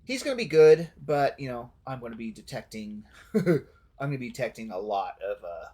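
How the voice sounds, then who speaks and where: A man's voice: mid-range voice, sing-song, normal speed, dark tone. A man streaming a game, giving casual commentary while rambling and correcting himself as he thinks aloud.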